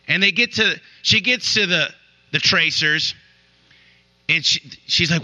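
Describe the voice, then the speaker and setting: A business owner gives a motivational speech to a room with an audience, telling stories and often restarting his sentences. His voice is on the high side, animated and bright with a forceful tone, at a measured pace, though the recording is low quality.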